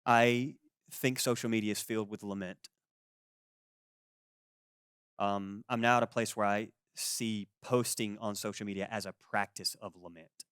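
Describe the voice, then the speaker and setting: A man in his forties preaching a sermon as pastor, conversational and lively, acting out the people he quotes. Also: fairly low pitch, normal speed, clear, resonant tone, no echo, clean studio sound. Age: 40s. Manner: conversational, animated, acts out quoted voices.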